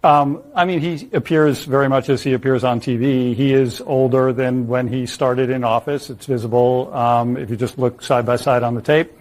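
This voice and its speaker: A man, a reporter, answering a TV interview question in a measured, hesitant way with many ums. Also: mid-range voice, steady tone, darkish tone, low-quality recording.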